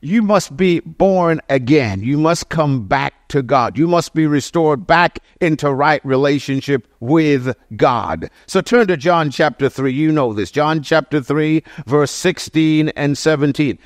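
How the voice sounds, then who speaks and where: A man's voice: on the high side, unhurried, few pauses, no echo, studio quality. A man preaching a sermon, emphatic and full of rhetorical questions to his listeners, often restarting and correcting himself mid-phrase. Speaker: pastor.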